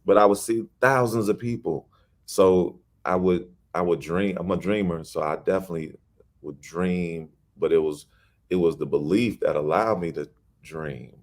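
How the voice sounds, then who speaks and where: A man's voice: deep voice, normal speed. A middle-aged man from Chicago, a poet guest telling stories in a casual interview and animatedly acting out the people he quotes.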